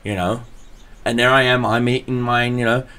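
A man's voice: mid-range voice, level tone, moderate pace, sharp tone, clear, resonant tone. Profane man telling a story. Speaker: podcast host. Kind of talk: casual podcast chat.

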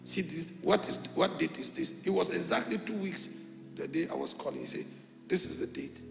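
A middle-aged pastor from Cameroon, preaching a sermon and telling a story with animated, acted-out dialogue in a gravelly voice. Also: male voice, fairly high pitch, moderate pace, soft background music. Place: church hall. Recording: echoey church hall.

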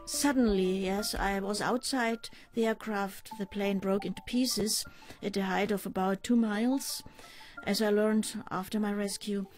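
An older woman with a mid-range voice answers interview questions about a past ordeal. She speaks in a measured, halting way, pausing often, with faint music underneath. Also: medium pitch, steady tone, darkish tone. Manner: measured, halting, with pauses and fillers. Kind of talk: recounting a personal ordeal in an interview.

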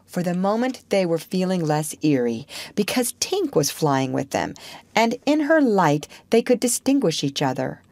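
A woman narrating a storybook audiobook for English learners with clear, measured storytelling. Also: fairly low pitch, very animated, darkish tone, dry recording.

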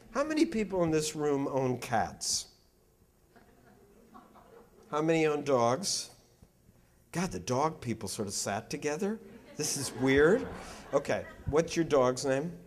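A man giving a public lecture as an art critic, joking and teasing his audience, animated and quick to banter. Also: a little high, a little hiss or hum.

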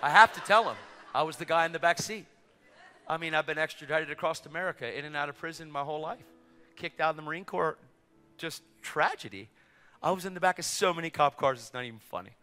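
Male preacher, middle-aged, high voice, very bright and sharp, excitable storytelling, long hall reverb. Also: quick pace. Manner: excitable, acts out dialogue, rising to shouts. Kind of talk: sermon storytelling.

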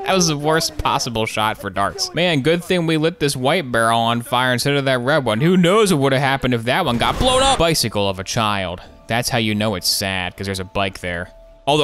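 A man's voice: mid-range voice, a bit bright. A man giving comedic, sarcastic commentary over gameplay, tossing off jokes and asides. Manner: joking, sarcastic, quick asides with laughs. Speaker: gaming commentator.

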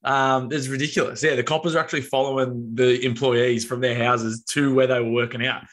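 A man's voice: mid-range voice, little pitch movement, brisk, a bit bright. Australian man, blunt and exasperated, casual podcast chat.

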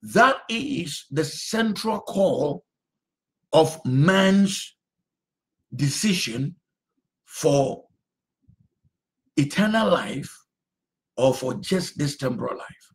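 A man preaching a sermon as a pastor, emphatic and repetitive, sometimes rising to a shout. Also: on the high side, expressive, drawn-out words, long pauses.

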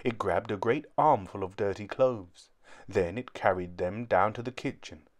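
Low-voiced man reading a storybook. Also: moderate pace. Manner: clear, steady storytelling. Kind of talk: reading a children's book aloud.

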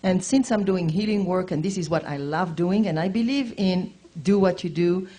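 A woman's voice: fairly low pitch, normal speed, warm tone. A woman at a workshop, speaking earnestly and doubtfully. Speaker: workshop participant. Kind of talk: audience question at a workshop.

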